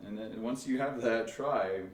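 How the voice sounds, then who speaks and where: A man's voice: medium pitch, unhurried, soft background music. A man teaching a remote band lesson, patiently explaining step by step with restarts. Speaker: music teacher. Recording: echoey room, faint noise.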